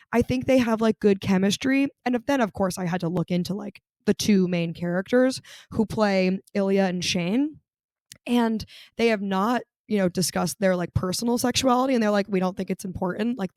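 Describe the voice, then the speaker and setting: A young adult woman hosting her own podcast, chatting casually and gossiping with lively jumps in pitch. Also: dry recording, clean studio sound. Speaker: podcast host. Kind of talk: casual solo podcast chat.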